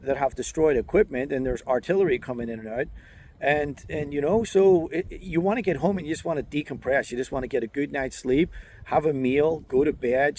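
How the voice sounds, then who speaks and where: A middle-aged man hosting a channel, telling a personal story in a casual monologue, halting with frequent restarts and fillers. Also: a little high, a little mellow. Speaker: channel host.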